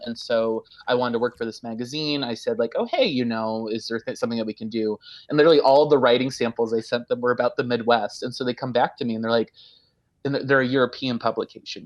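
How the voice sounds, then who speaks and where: Young man from Iowa, podcast guest, chatty, laughs a lot, lively storyteller. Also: medium pitch, dull audio. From Iowa, USA. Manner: animated storyteller, laughs often. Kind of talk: casual podcast chat.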